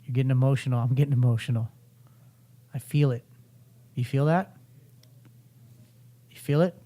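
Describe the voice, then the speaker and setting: A man's voice: mid-range voice, normal speed, dark tone. Fervent, profane male motivational coach. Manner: intense, profane, fervent pep talk. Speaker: podcast host and coach.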